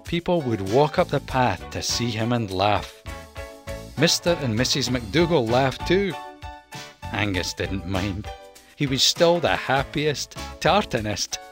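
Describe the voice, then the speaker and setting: A storyteller reads a children's tale at an unhurried, gentle pace, letting the voice rise and fall in lively swings. Faint music plays softly underneath the reading. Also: mid-range voice. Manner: slow, expressive reading. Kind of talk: storybook read-aloud.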